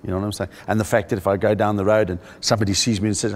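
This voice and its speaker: South African comedian telling stories, lower voice. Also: male voice, racing, a little hiss or hum. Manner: animated storyteller who acts out other people's voices. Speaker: comedian interviewee. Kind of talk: casual interview chat.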